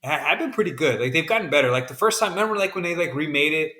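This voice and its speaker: A man's voice: fairly high pitch, lively intonation, rapid-fire, bright, forceful tone. A man from the American South co-hosting a podcast in casual chat, laid-back and rambling, calling his friend "man". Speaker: podcast co-host.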